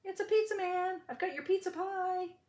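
A woman voicing a hot-tempered, scheming male farmer who shouts in exasperation in a storybook reading. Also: very high voice, moderate pace, echoey room, voice pushed up. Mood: sly.

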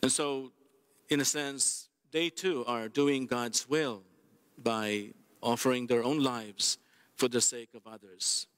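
A man serving as priest at a church Mass, reading scripture, then giving a homily in a measured, unhurried way with plain restarts. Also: medium pitch, fairly even intonation, a bit bright.

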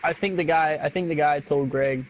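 A man's voice: on the high side, fairly even intonation, normal speed, lo-fi sound, a little hiss or hum. A young man chatting casually with friends while gaming, telling a long story with lots of swearing and restarts. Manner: rambling, profane storytelling. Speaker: gamer in voice chat. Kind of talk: casual chat.

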